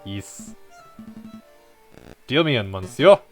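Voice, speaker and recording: A man's voice: medium pitch, very animated, takes it slowly, faint music behind. A man reading the lines of a polite male falcon attorney in a game, near his own voice.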